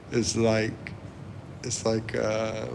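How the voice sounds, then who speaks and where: A man hosting a livestream, reading chat comments aloud and chuckling often in a relaxed way. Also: fairly low pitch, extremely slow, vocal fry, background noise. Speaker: livestream host.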